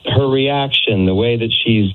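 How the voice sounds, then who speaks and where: A man's voice: medium pitch, measured pace. A man on a phone call telling a radio host his side of a date, hesitant, with many fillers. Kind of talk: telling a story over the phone. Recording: phone line.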